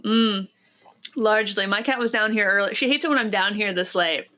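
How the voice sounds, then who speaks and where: A woman's voice: medium pitch, brisk, sharp tone. A woman with a nasal voice co-hosting a podcast in casual, chatty, self-deprecating talk. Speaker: podcast co-host.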